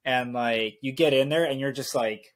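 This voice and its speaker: A man co-hosting a podcast, chatting in a relaxed, sympathetic way. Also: medium pitch, normal speed. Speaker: podcast co-host. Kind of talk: casual chat.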